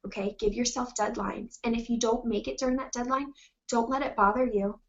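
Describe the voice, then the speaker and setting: A woman's voice: on the high side, fairly even intonation, brisk, lo-fi sound. A woman giving an earnest, encouraging motivational talk to her sales team, fighting back tears as she speaks.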